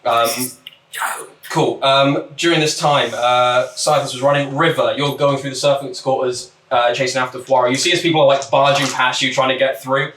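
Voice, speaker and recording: A man running a tabletop game as game master, narrating in a relaxed way with many ums and uhs. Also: mid-range voice, normal speed. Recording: echoey room, distant mic, faint noise.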